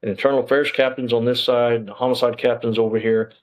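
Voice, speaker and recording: A man's voice: medium pitch, steady tone, fast talker, low-quality recording. A man, a former police officer telling his story as an interview guest in a rambling way, full of restarts and fillers.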